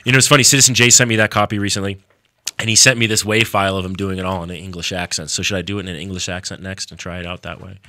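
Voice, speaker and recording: Male talk-radio host, low bright voice, dry studio sound, loose and rambling. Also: little pitch movement, racing, no echo. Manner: easygoing, rambling, reads sponsor copy.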